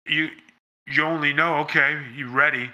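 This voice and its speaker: A man's voice: a little high, fairly even intonation, moderate pace, pushed and bright. A man being interviewed, talking in a blunt, emphatic way and swearing freely. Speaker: interview guest, former pro wrestler. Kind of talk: casual interview storytelling.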